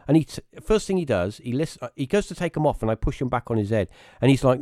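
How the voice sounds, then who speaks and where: A man with a British accent, a guest telling rambling personal stories casually, restarting often and jumping into high voices when he quotes people. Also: sing-song, fast, hardly any pauses, mellow, no echo, clean studio sound. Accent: British English. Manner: rambling anecdotal storytelling with many restarts; acts out quoted voices with sudden high pitch. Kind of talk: casual storytelling on a live stream.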